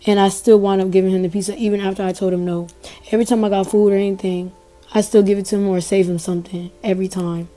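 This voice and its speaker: A woman's voice: mid-range voice, level tone, fast, warm tone, faint music behind. A young woman telling her own story in a casual, emotional way, acting out what others said to her. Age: young adult. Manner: emotional, quotes others in conversation. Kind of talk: casual personal retelling.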